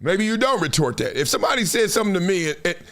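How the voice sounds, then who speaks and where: A middle-aged man hosting a live sports talk show, animated and emphatic, often laughing. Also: high voice, fast talker. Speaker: host.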